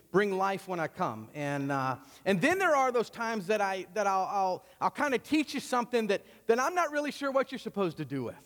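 A man's voice: sits high, in a large hall. A man preaching a sermon to his congregation in a conversational, joking way. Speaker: pastor. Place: church sanctuary.

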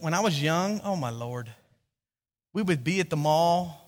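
A man's voice: fairly high pitch, expressive, a little slow. A man preaching a sermon as pastor, storytelling with animation, acting out quotes and often restarting his sentences. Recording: long hall reverb.

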